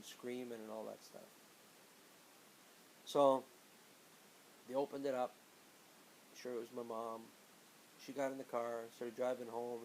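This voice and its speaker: A man casually telling a personal story, animated, acting out the people in it. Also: medium pitch, gravelly, slight background noise, low-quality recording. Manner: animated, acts out quoted friends in raised voices.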